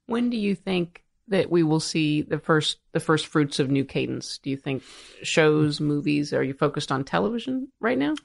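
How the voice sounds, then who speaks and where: A man's voice: on the high side, lively intonation, moderate pace, creaky. A man hosting a business interview podcast, courteous as he sums up and thanks his guest. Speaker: podcast host.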